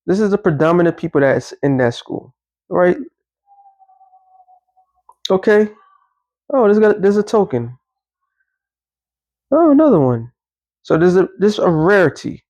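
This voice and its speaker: A man's voice: sits high, very animated, a little slow, pauses often, a little mellow, dry recording, rough recording. A man giving casual, rambling religious commentary, emphatic and often correcting himself mid-sentence. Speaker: online commentator.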